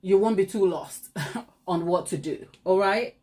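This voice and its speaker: A woman's voice: mid-range voice, measured pace, warm tone. A woman hosting a baking channel, chatting and teasing viewers during a live stream while she decorates, laughing often.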